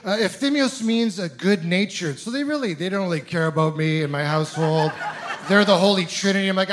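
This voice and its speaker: A man's voice: sits high, fairly quick, fairly bright tone. A young man from Ontario doing a stand-up comedy set, ranting in an incredulous, exasperated way with self-mocking asides. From Ontario, Canada.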